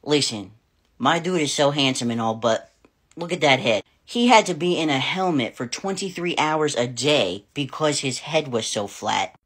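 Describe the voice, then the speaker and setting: A woman's voice: rumbling low, animated, normal speed, husky. A woman vlogger telling a personal story to camera in a frank, casual way, swearing freely and laughing often. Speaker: parent vlogger.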